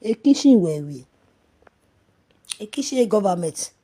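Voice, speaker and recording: Ranting Nigerian woman, husky voice. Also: very animated, measured pace. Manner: angry, mocking, swings from loud shouting to low mutter. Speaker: social media commentator. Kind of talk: ranting gossip vlog in pidgin and Yoruba.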